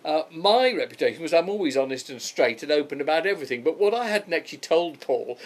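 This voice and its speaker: An older man telling a personal anecdote, lively and chatty, briefly putting on the voices of the people in the story. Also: fairly high pitch. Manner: animated, puts on quick voices for others.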